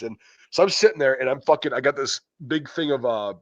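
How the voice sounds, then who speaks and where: A man's voice: fairly high pitch, fairly quick. Profane man telling a rambling story. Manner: profane, rambling anecdote with lots of fillers. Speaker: podcast host. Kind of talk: casual storytelling chat. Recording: dull, muffled dry audio.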